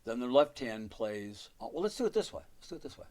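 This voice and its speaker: A man's voice: mid-range voice, very animated, fast, darkish tone. Man counting rhythms at the piano. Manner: counts and sings rhythms aloud while playing, rambling asides. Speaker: piano teacher. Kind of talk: live online music lesson.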